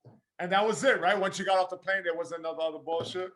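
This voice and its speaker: A man's voice: high-pitched, fairly even intonation, fast talker, a bit bright. A man hosting a podcast, chatting casually with slangy, laid-back remarks. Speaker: podcast host. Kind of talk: casual chat.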